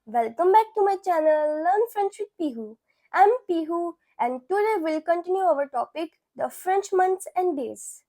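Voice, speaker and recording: Young woman teacher, patient, says each word over and over, pretty high voice. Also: lively intonation, normal speed, mellow. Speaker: French teacher. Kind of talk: beginner language lesson.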